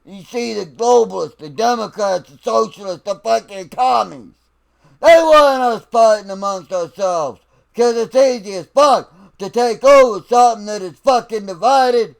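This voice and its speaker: A man barks out a profane political rant in a drill-sergeant style, his voice pushed very high and rough with gravel. He drives every word home slowly, yet the tone stays resonant and full. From United States. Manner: slow, emphatic, lecturing. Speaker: vlogger.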